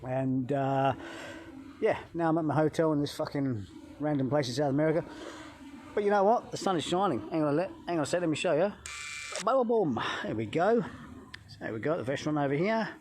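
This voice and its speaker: A middle-aged health coach vlogger from England tells a lively, profanity-laced travel tale, filming himself on a phone outside by a hotel pool. He talks fast in a higher-than-average voice, and there is slight noise in the background.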